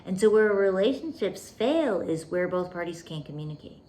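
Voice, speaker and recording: A woman's voice: fairly low pitch, animated, moderate pace, darkish tone. A woman hosting a relationship podcast, talking intimately and emphatically, calling the listener "baby" and dropping into whispers for emphasis. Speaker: podcast host. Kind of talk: relationship coaching monologue.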